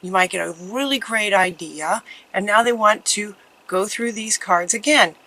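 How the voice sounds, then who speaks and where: A woman reading tarot cards for viewers, earnest and tender, often halting and restarting mid-sentence. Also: medium pitch, bright, forceful tone, rough recording. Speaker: tarot card reader. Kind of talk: pick-a-card tarot reading.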